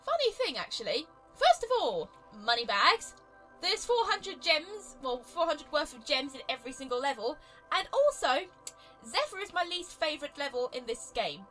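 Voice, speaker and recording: Young British woman, let's play host, rambling, giggly, lively pitch, faint music behind. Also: normal speed, poor audio. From Britain. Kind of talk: casual gameplay commentary.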